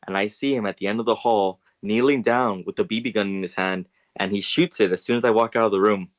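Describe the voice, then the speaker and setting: A young man co-hosting a casual podcast, telling a story in a rambling way and getting animated when he quotes people. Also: fairly low pitch. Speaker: podcast co-host.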